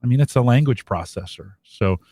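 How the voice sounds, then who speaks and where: A man co-hosting a podcast, talking in a thoughtful, measured way with frequent fillers. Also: mid-range voice, animated, warm tone. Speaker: podcast co-host. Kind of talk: casual podcast chat.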